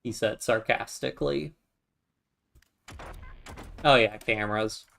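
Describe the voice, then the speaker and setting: A man's voice: on the low side, takes it slowly, vocal fry, a bit bright. A man giving casual, wry commentary while playing a strategy game, chatting to himself as he goes. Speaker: gaming YouTuber. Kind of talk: casual let's-play commentary.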